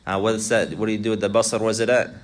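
A man's voice: on the low side, level tone, rapid-fire. A man teaching an Islamic text to a class, reciting Arabic, repeating points and putting questions to his students. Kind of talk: classroom lesson explaining a text.

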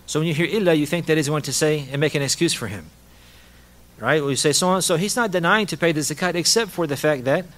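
Speaking quickly in a slightly high, somewhat bright voice, this Islamic teacher explains a hadith and points of Arabic rhetoric. He goes over key phrases more than once, drops in Arabic terms, and gives the occasional light laugh.

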